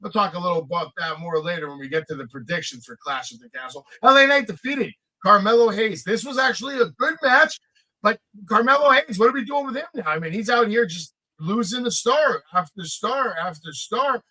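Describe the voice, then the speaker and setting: A man hosting a wrestling podcast, recapping results in an energetic, casual way. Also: high-pitched, brisk, poor audio.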